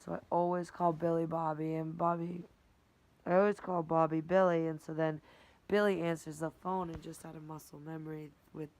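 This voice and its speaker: A young woman chats through her day in a loose, rambling vlog, swearing freely and often sinking into a whisper. Her voice sits low, with a gravelly fry. A faint hiss runs behind her. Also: little pitch movement, moderate pace. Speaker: vlogger and fitness instructor. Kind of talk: casual daily recap vlog.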